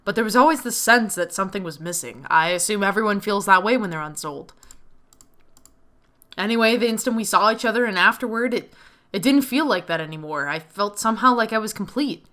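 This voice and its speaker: A woman reading the lines of an earnest, gentle man from a game, soft-spoken. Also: medium pitch, lively intonation, a little fast. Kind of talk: reading game dialogue aloud.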